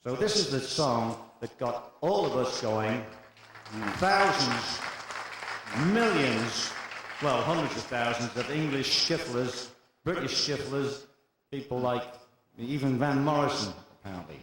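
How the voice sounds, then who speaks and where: An older man, a band's frontman, chatting between songs at a live show and telling stories with quick asides. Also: mid-range voice, expressive, a crowd in the background, background noise. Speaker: band frontman. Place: concert hall stage. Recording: echoey live hall with band.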